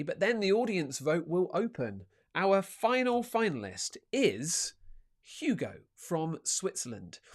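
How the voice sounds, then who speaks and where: A man hosting an online competition, chatty and upbeat as he reads out viewer comments. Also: fairly high pitch. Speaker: host. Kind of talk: live show presenting.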